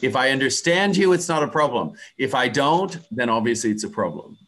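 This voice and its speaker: A man's voice: mid-range voice, expressive, a little fast, fairly bright tone. A man from the USA, an English pronunciation teacher, patiently answering student questions on a video call. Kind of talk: answering questions in an online class.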